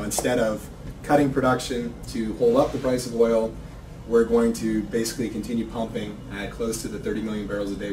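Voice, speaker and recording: Man presenting from far off in a roomy hall. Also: lowish voice. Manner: loose, lots of ums and uhs. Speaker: energy market analyst presenter. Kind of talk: unscripted conference presentation. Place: conference room. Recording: roomy, distant, faint noise.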